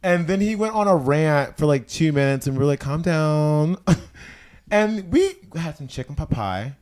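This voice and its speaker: A young man hosting a talk show, telling a story in a campy, animated, profane way. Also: fairly high pitch, normal speed. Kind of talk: casual storytelling chat.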